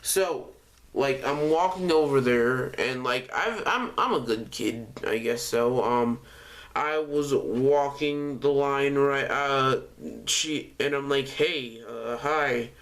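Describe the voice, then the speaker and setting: A man's voice: medium pitch, fairly even intonation, takes it slowly, a bit bright. A young man telling a casual storytime, rambling and correcting himself often with lots of fillers. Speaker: vlogger.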